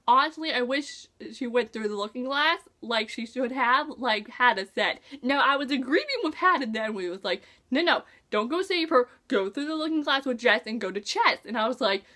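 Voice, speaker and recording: A young woman vlogging a casual book review, gushing and excitable, full of "like" and "oh my gosh". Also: high-pitched.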